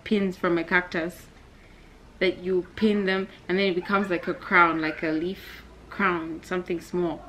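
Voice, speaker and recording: Chatty young woman. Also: mid-range voice. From Zambia. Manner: animated, chatty, addresses viewers directly. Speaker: vlogger. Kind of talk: casual storytime vlog.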